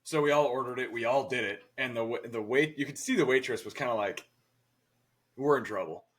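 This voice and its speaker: A man's voice: mid-range voice, fast talker. A young adult man co-hosting a podcast, rambling through a story in casual chat with lots of fillers. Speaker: podcast co-host.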